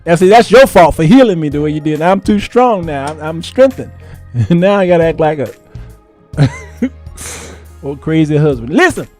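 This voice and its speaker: A man hosting his show, telling a comic story animated and laughing, calling listeners y'all. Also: on the high side, normal speed, long pauses, soft background music. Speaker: show host.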